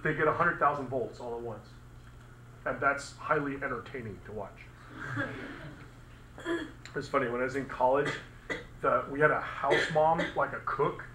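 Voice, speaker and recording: In an echoey classroom recording, a man teaches physics in a casual, chatty lecture, asking his students questions and making sound effects. His voice is medium-pitched with a sharp tone, and there's slight background noise.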